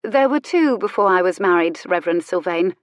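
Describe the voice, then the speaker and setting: A woman's voice: lowish voice, expressive, a little fast, no echo, close to an everyday voice. A woman voicing a witty, flirtatious disgraced countess who speaks with tart, sweet irony. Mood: arch. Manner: arch, sweetly ironic, tart.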